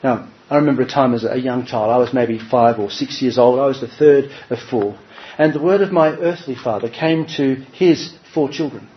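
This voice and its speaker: A man preaching a sermon at a church service, earnest and measured, often pausing on rhetorical questions. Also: medium pitch. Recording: slightly dull recording with faint background hum.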